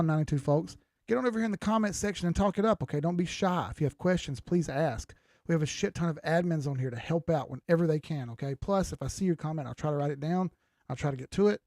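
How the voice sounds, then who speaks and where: A man's voice: a little high, darkish tone, no room sound, studio quality. An older man hosting a crypto livestream, talking loosely and with profanity while reading out viewer comments. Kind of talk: casual livestream chat.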